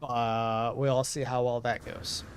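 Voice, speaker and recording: A man's voice: mid-range voice, level tone, slow pace, slight background noise. A young American man streaming a game, chatting with his viewers in a rambling, easygoing way and laughing often. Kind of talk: casual chat while playing a game.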